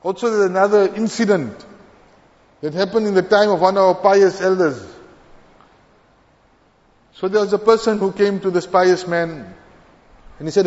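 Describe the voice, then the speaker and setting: A man delivers an earnest sermon, his fairly high voice lifting with emphasis on each point. The sound is dull and lo-fi, with a long reverb trailing after his words. He tells moral stories at a steady preaching pace. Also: moderate pace, pauses often.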